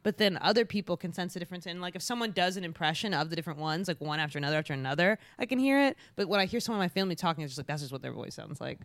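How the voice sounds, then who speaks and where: A woman's voice: on the low side, animated, very fast, few pauses, no room sound. A woman in casual conversation, rambling and self-deprecating with lots of fillers. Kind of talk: casual chat.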